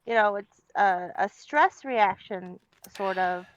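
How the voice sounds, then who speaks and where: A woman chatting casually on a stream, relaxed and agreeable with short replies. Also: medium pitch, slow. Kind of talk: casual chat. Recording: muffled, lo-fi audio.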